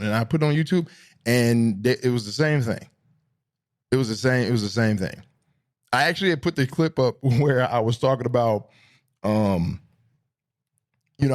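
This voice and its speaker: A middle-aged man hosting a solo podcast, talking casually in a rambling, profane, animated way. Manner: animated, profane, rambling, swings between high and low pitch. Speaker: podcast host.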